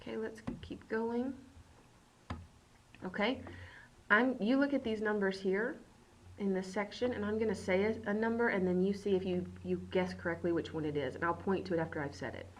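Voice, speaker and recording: A woman teaching beginner Spanish in a recorded lesson. She repeats words slowly and keeps checking in with "okay". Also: medium pitch, fairly even intonation, a little hiss or hum, poor audio.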